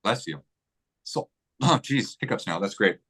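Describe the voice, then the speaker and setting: A man's voice: lowish voice, animated, a little slow, fairly bright tone, breathy edge. A man telling a personal story in a casual interview, getting emotional, swearing freely and acting out what people said.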